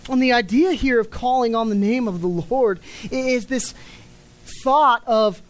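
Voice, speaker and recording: Preaching with emphasis, a woman whose voice runs on the high side stretches out key words and lets each line fall away. The recording is rough.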